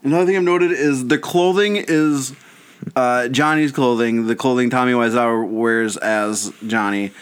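A man co-hosting a podcast, telling a long story in a casual, animated way and often breaking into laughter. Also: mid-range voice. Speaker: podcast co-host. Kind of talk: casual chat.

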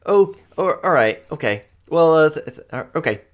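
A flustered backwoods woman stumbles through small talk in a tabletop game, her voice pushed up high and skittering all over the place, as a man puts her on. She stammers, restarts and rambles in a folksy drawl, laughing awkwardly between words. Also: lively intonation, normal speed, slight background noise, lightly acted. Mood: nervous. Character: nervous rural woman forager, stammering, awkward.

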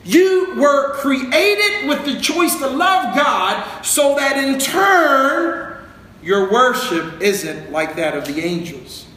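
A man's voice: extremely high pitch, very animated, slow, sharp tone. A man preaching a sermon in a conversational, joking way, asking the congregation to repeat words. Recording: very echoey room with faint noise.

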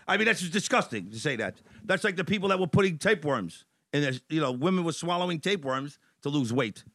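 A man's voice: on the high side, animated, quick pace, fairly bright tone, dry recording, studio quality. A man talking as a guest on a podcast, blunt and profane, ranting his opinions. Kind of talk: casual podcast chat.

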